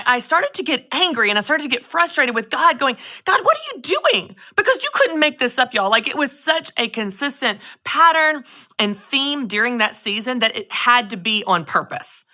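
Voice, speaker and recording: A woman hosting her own show, giving a lively, expressive faith-based talk straight to her listeners. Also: a little high. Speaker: podcast host. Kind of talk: casual faith-based monologue.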